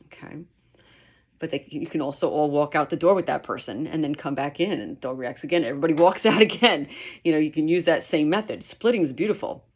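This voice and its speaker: A woman dog trainer explaining her methods in a lively, emphatic way, sometimes acting out quotes. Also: low voice, normal speed. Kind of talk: instructional talk.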